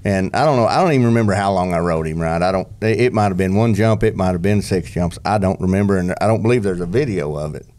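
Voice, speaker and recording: A man's voice: deep voice, fast, few pauses, a little mellow. A man, a former bull rider telling a rambling story on a podcast, full of restarts and country slang.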